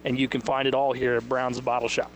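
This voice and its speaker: A man hosting a sports radio show live from a liquor store, chatting casually and quickly, sometimes mimicking other people's voices. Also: medium pitch, little pitch movement, a little hiss or hum.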